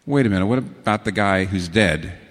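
A middle-aged man preaching a sermon as pastor, telling stories and quoting scripture with sudden swings between low, hushed phrases and raised, emphatic ones. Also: fairly quick. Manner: animated storytelling with sudden pitch swings and quotations. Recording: long hall reverb.

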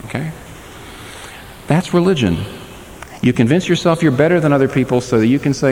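A man preaching a sermon as pastor, talking to his congregation with animated delivery and shifting into the voices of the people he quotes. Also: fast. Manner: animated preaching, voices quoted speakers with sharp pitch swings. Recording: reverberant hall, faint background noise.

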